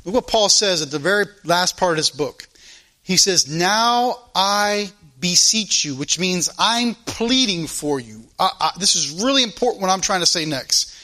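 A man preaching a sermon in a church as a pastor, swinging between loud emphasis and quiet asides, repeating phrases for emphasis. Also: sits high, lively intonation, normal speed. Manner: informal spoken grammar, repeats phrases for emphasis.

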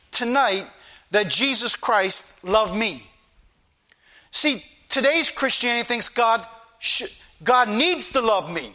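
A man's voice: very high-pitched, sharp tone. A man preaching a sermon with fervent delivery, repeating key phrases for emphasis.

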